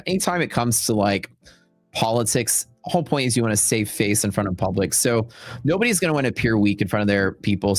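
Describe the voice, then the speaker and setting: A man's voice: lowish voice, no echo. A man with a Texan accent hosting a trading livestream in a rambling, chatty way, full of fillers and asides. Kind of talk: casual livestream chat.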